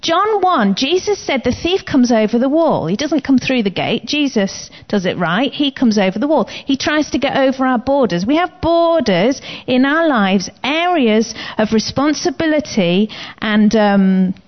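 Woman preacher, emphatic and commanding, high and lively pitch. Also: a little slow. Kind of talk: sermon. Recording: slightly dull lo-fi recording.

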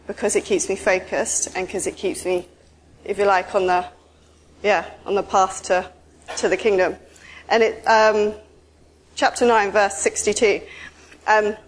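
A woman giving an informal, chatty sermon, telling stories with lively asides. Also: mid-range voice, a little hiss or hum. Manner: chatty, animated storytelling with asides. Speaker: preacher.

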